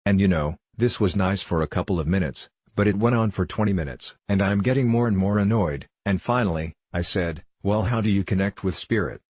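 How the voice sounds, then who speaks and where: Deep husky man telling wry stories. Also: brisk, few pauses, a little mellow, dry recording, clean studio sound. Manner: wry, self-deprecating anecdotal delivery. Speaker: interview guest. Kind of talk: relaxed storytelling in a conversational interview. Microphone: video call.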